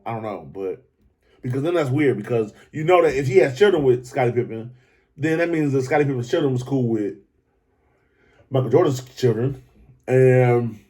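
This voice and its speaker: A man hosting a podcast, talking in a loose, profane, animated commentary style that keeps jumping up into excited high pitches. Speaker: podcast host. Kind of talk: casual commentary monologue.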